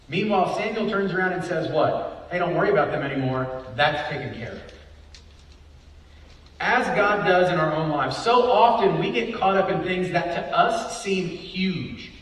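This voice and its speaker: A man's voice: sits high, lively intonation, moderate pace. A man preaching a Bible study sermon, often asking rhetorical questions and adding "right?". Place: church hall. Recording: echoey hall, voice from far off.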